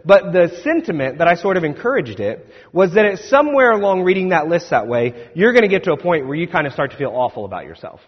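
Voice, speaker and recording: Casual preacher in an echoey hall. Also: male voice, a little high, big pitch swings, fast talker, few pauses. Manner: conversational, self-deprecating storytelling. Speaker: pastor. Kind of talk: sermon. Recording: echoey hall, dull sound.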